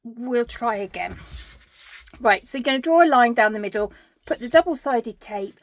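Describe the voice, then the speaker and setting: A woman's voice: on the high side, animated, moderate pace. A woman giving a casual sewing tutorial, chatty and self-deprecating, thinking aloud with plenty of ums and restarts.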